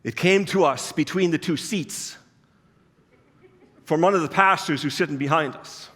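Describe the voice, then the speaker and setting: Man, high voice, pastor, earnest storytelling sermon, echo of a big hall. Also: moderate pace, pushed and bright. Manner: earnest, conversational preaching. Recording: long reverb of a large hall.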